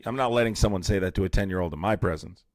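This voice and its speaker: A young man's low voice, recorded close and dry with no room sound. He hosts a live stream and fires back at commenters by name. His delivery is heated and combative, with sudden rises into indignation. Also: rapid-fire, dry recording. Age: young adult. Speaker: livestream host. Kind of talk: live-stream chat, reacting to viewer comments.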